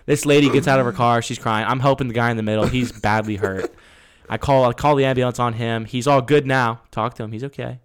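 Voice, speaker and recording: A man's voice: mid-range voice, brisk, smooth. A young man co-hosting a podcast, chatting casually and getting worked up as he retells his stories. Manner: animated storyteller, gets heated retelling. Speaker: podcast co-host. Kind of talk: casual chat.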